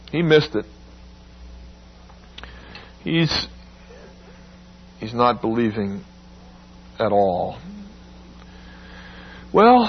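A man preaching a sermon, expressive and emphatic, acting out the quoted lines with sudden rises. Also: medium pitch, dull audio, slight background noise.

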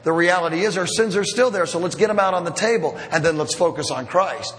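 A man's voice: sits high, fast, fairly bright tone. A middle-aged man preaching a sermon as pastor, conversational and self-deprecating, with humorous asides. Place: church sanctuary. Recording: long reverb of a church hall.

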